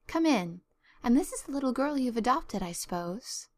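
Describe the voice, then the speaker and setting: A woman voicing a strict, composed mother who speaks in a formal, crisp, proper way. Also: fairly high pitch, sing-song, moderate pace, darkish tone. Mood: polite.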